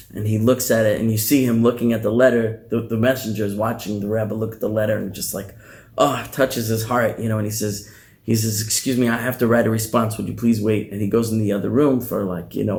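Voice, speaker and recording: A man, a rabbi teaching a class, telling a story in a conversational, animated way with many restarts. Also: fairly low pitch, fairly quick, vocal fry. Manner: animated, conversational, repeats words. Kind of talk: storytelling in a lecture.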